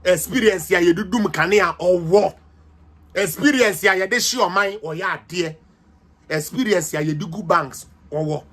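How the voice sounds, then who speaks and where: A man's voice: high-pitched, moderate pace, fairly bright tone. A Ghanaian-accented man hosting a livestreamed political commentary, combative and mocking as he switches between languages.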